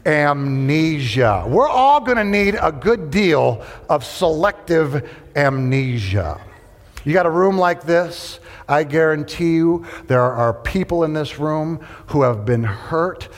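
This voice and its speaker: A man's voice: fairly high pitch, takes it slowly. A man preaching a sermon to a room full of people, asking questions and having them answer back. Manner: animated, rhetorical questions and call-and-response. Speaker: pastor. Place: large hall with an audience. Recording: long hall reverb.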